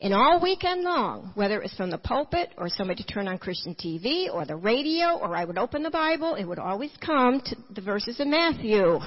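A woman's voice: medium pitch, very animated, brisk, few pauses. A woman giving a personal testimony in church, telling her story with humor and acting out the dialogue. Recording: dull, echoey church hall recording.

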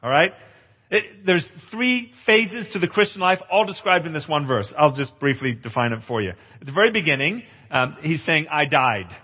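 A man's voice: fairly high pitch, animated, normal speed, breathy edge. A man in his forties preaching a testimonial sermon at a conference, earnest and confessional, with playful asides to the crowd. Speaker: pastor. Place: conference hall. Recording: echoey hall, slightly dull.

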